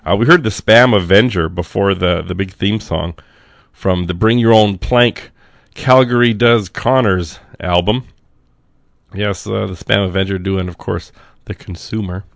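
A man hosts a radio show in a low, gravelly voice, sick and stopping to cough now and then. He rambles casually between songs with dry jokes. The sound is close and dry, with no room around it. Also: measured pace, no room sound.

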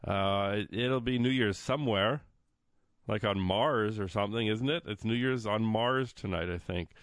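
A man working as a radio DJ, introducing songs and events in relaxed, jokey on-air chatter with frequent fillers. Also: lowish voice, normal speed, dry recording, clean studio sound. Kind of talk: casual on-air patter. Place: radio studio.

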